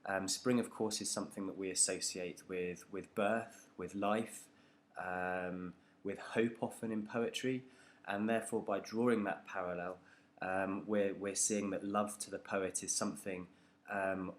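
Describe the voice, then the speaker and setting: A man's voice: low-pitched, fairly even intonation, a little slow, a little hiss or hum. A man teaching a poetry analysis lesson, talking it through unscripted and hesitant, with many ums and restarts.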